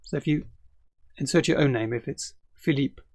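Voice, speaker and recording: A man with a British accent teaching an English lesson, speaking slowly and clearly and modelling example phrases. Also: mid-range voice, darkish tone, dry recording.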